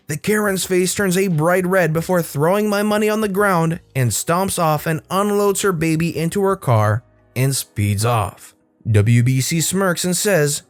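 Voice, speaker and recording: A man reading a Reddit story aloud as a channel narrator, animated and shifting his voice for the people he quotes. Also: high voice, a little slow, no echo, soft background music.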